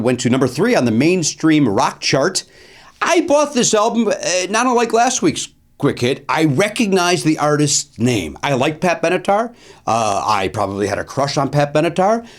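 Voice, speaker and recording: A man hosts his own show and spins a casual story, his voice sitting fairly high and swooping up and down expressively. He repeats phrases for effect and keeps filling gaps with "uh.". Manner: animated, repeats phrases, many "uh" fillers. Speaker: comedian and show host.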